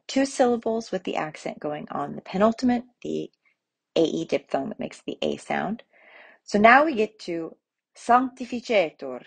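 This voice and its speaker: Female Latin teacher, husky voice, patient step-by-step explainer, unhurried. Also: lowish voice. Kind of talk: relaxed spoken lesson.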